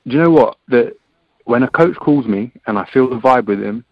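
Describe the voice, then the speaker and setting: A man's voice: mid-range voice, lively intonation, normal speed, no room sound, dull audio. An English man and rugby player talking as a guest in a casual chat, laid-back, often saying "man". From England. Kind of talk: casual interview over a phone line. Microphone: phone or call line.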